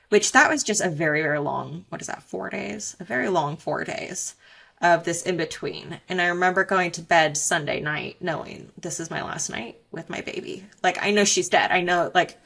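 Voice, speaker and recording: A woman's voice: on the low side, vocal fry, fairly bright tone. A young woman, a guest in an interview, telling a personal story in a candid, reflective way with frequent fillers.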